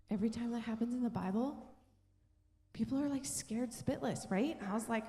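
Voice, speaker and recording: A woman's voice: fairly high pitch, fairly quick, mellow. A middle-aged woman pastor telling a story in a sermon, acting out the voices of the people in it. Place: church sanctuary. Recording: long church hall reverb.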